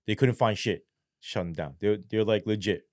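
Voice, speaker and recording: Profane storytelling ex-cop, low voice. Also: male voice, moderate pace, no echo, clean studio sound. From New York. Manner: profane, animated storytelling with acted quotes. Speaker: podcast guest, former police sergeant. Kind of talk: casual storytelling interview.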